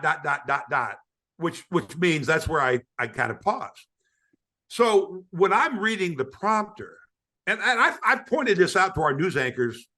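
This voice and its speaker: An older man spinning a sports anecdote as a podcast guest, his voice bright and forward, with a pitch that rides high and swoops widely. He acts out the people he quotes and often stammers and restarts his sentences. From United States. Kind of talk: storytelling in a podcast interview.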